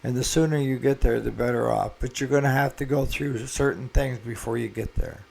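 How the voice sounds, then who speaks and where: Gravelly man giving folksy shop advice. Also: medium pitch, fairly quick, darkish tone. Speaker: small engine repair shop owner. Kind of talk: casual talk to camera.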